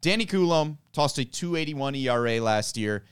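Man with a smooth, clear voice. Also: medium pitch, expressive, normal speed. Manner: jokey, then lays out a list analytically. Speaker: podcast co-host. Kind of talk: casual sports podcast chat. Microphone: handheld mic.

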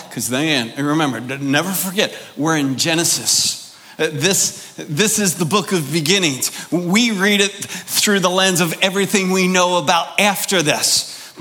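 Man, pastor, sermon, emphatic, rhetorical questions, slow-paced, bright tone. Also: fairly high pitch. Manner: drawn-out, deliberate delivery with pauses.

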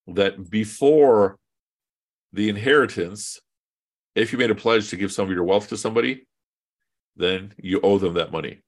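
Deep-voiced man teaching a Quran class. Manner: conversational, quizzes students, uses fillers. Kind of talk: casual online religious lesson.

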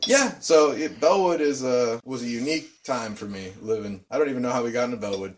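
A man's voice: mid-range voice, fairly quick, a little hiss or hum. A man in his thirties co-hosting a casual podcast, telling long rambling stories with swearing and laughter. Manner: rambling, profane, laughs often. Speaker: podcast co-host. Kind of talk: casual chat, storytelling.

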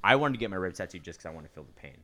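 A young man with a fairly low voice hosts a podcast and chats casually. He wanders through his stories in a loose, easygoing way, leaning on lots of fillers and restarts. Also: lively intonation, rapid-fire, sharp tone, a little hiss or hum. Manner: rambling, filler-heavy storytelling. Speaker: podcast host. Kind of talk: casual chat.

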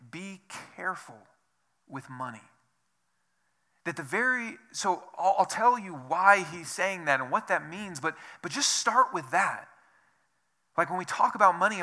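Man, pastor, sermon, bright forceful voice, slightly high pitch, earnest, repeats himself, rhetorical questions.

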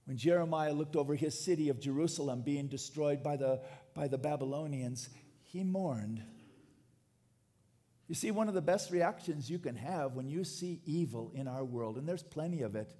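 A man preaching a sermon, animated and dropping to quiet tones for emphasis. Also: a little high, moderate pace. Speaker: pastor.

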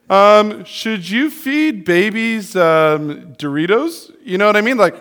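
A man's voice: high voice, animated, slow pace, few pauses, a bit bright, clear, resonant tone. A young man preaching a casual, jokey sermon, chatty and acting out quotes. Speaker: pastor. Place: church hall. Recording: long hall reverb.

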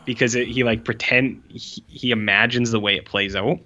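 A man's voice: mid-range voice, steady tone, normal speed, pushed and bright, highs cut off. A young man co-hosting a podcast in casual chat, rambling with lots of fillers and sounding exasperated. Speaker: podcast co-host.

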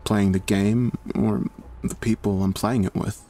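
Low-voiced man reading horror fiction. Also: fairly even intonation, measured pace, dark tone, faint music behind. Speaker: narrator. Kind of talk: scripted horror narration.

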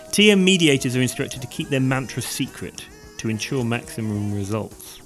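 Man, podcast co-host, lively swinging pitch, reads facts aloud, faint music underneath. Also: normal speed. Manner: animated, reads facts aloud with hesitant restarts. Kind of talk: casual podcast chat.

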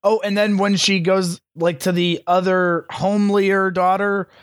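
A man's voice: high-pitched, flat delivery, a little slow, clean tone, dry recording, studio quality. A man co-hosting a podcast, chatting casually and profanely as he sarcastically recaps a movie. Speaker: podcast co-host.

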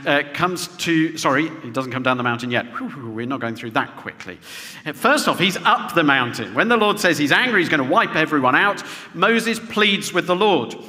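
Bright-voiced man preaching a sermon. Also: mid-range voice. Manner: frequent rhetorical tag questions. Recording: long reverb of a large hall.

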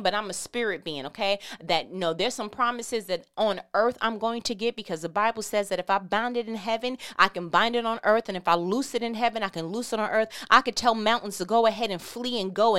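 A woman's voice: mid-range voice, a bit bright, clear, resonant tone. A woman giving a casual, conversational Christian talk with emphatic, repetitive phrasing. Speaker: Christian speaker.

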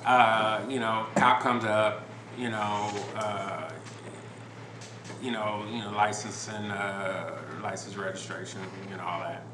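A man hosting a podcast, telling a story in a relaxed, rambling way with lots of fillers and restarts. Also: fairly low pitch, slow pace. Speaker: podcast host. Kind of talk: casual storytelling chat. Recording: roomy with background noise.

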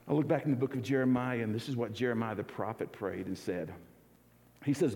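A man's voice: medium pitch, brisk, creaky, darkish tone. A man preaching an earnest, conversational sermon as pastor, often restarting his words. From United States. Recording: church hall with long reverb.

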